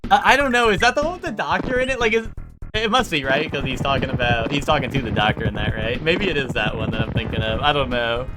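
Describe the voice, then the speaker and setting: A man streaming a video game, chatting casually and rambling with chat, swearing and often jumping up in pitch when excited. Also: fast, over loud music.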